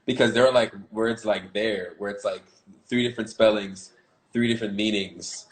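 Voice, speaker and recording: A man's voice: on the low side, steady tone, normal speed, rough recording. A man from the American South, a guest actor chatting casually and playfully on a live stream. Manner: laid-back, playful, lots of "like".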